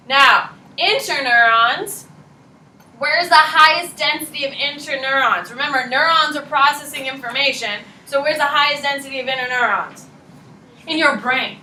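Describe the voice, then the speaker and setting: Chatty lady teacher talking to her class, roomy room, faint background hum. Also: sits high. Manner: animated, chatty, checks in with students. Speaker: high school teacher. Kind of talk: classroom lecture.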